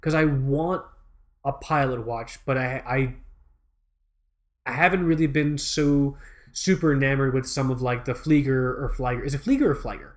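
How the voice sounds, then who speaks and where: A man's voice: medium pitch, fairly even intonation, normal speed. Man, podcast co-host, casual chat, rambling, enthusiastic, swears freely.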